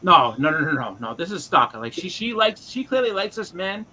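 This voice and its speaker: A man telling profane, animated stories in casual chat as a podcast co-host. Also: high-pitched, a little fast, poor audio. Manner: animated, profane storytelling with impressions.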